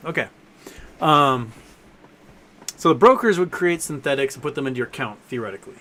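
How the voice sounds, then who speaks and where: A man in the middle of his range, chatting loosely through a live stream as he works through viewer questions. He rambles, trips over his words and corrects himself as he goes. A faint hum of room ambience sits behind him. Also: medium pitch. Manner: rambling, with filler sounds and self-corrections; softens his voice to talk to his dogs. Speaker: livestream host answering viewer questions. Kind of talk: casual live-stream chat.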